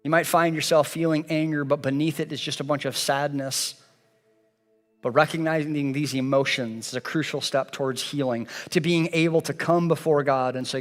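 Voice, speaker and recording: A man preaches a sermon from the church stage, his voice sitting fairly high. He speaks with an earnest, repetitive cadence. The sound carries a long reverb from the church hall. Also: steady tone, moderate pace, faint music behind. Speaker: pastor. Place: church sanctuary.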